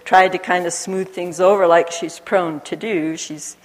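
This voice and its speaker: A woman telling a personal story aloud, animated and acting out the voices of people she quotes. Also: lowish voice, measured pace, a little hiss or hum. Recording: long hall reverb.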